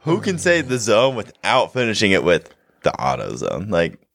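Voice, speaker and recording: A young health coach co-hosts a podcast in a lowish voice with vocal fry, speaking at a moderate pace. He's animated and jokey, laughing often as he chats, and the studio-quality sound has no echo.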